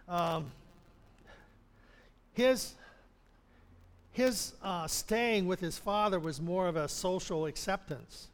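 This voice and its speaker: High-voiced preacher in a reverberant hall. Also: male voice, drawn-out words, pauses often. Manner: retells parable, acts out characters' complaints with chuckles. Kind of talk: sermon.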